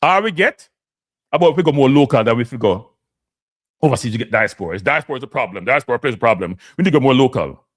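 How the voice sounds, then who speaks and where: A man's voice: medium pitch, animated, fast. A man with a Jamaican accent, hosting a live stream and ranting heatedly, switching between standard English and patois. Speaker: host. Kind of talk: impassioned live-stream rant.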